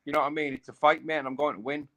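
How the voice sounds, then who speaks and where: A man's voice: on the high side, little pitch movement, very fast, sharp tone. A man, a bare-knuckle fighter, chatting casually and rambling, repeating himself and saying mate a lot. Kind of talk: casual live chat.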